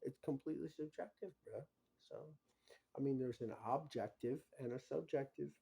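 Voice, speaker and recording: A man talking in a rambling casual monologue, full of "you know" and "bro", swinging between low mutters and loud emphatic bursts. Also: moderate pace, creaky, slightly rough. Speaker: vlogger.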